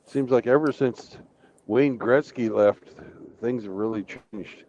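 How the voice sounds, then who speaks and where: A man's voice: mid-range voice, slow, darkish tone. A man in his fifties hosting a casual live-stream chat, telling a joke loosely with swearing and fillers. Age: 50s. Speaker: host. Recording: dull lo-fi audio.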